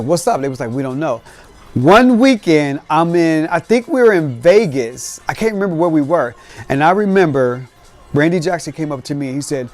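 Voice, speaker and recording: A man hosting a podcast, telling lively, streetwise stories and acting out beats with his mouth. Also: on the high side. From Cincinnati. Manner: animated, streetwise storytelling with sound effects. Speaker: podcast host. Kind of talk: storytelling.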